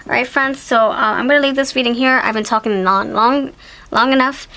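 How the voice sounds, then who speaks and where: Woman doing a chatty tarot reading, kinda high voice, excitable, keeps correcting herself. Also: brisk, poor audio. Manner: chatty and animated, with exclamations and self-corrections. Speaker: tarot reader. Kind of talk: casual pick-a-card tarot reading to viewers.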